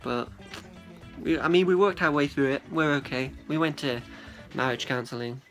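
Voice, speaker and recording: A man's voice: on the high side, a bit bright, faint music behind. A young man rambling casually to a friend, chatty and profane, often acting out what people said. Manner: chatty and profane, quick to act out quotes. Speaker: vlogger addressing a friend.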